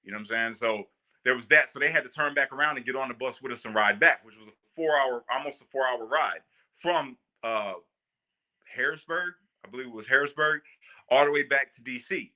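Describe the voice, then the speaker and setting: Bright-voiced man telling a jail story. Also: medium pitch, fairly quick. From Northwest Indiana, US. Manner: animated, slangy, laughs often. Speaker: guest storyteller. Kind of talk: casual storytelling.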